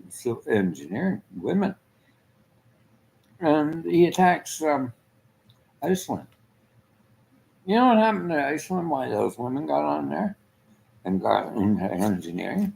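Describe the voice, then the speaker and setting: A man's voice: mid-range voice, creaky, rough recording. A man giving a rambling casual monologue, trailing off mid-thought and chuckling often.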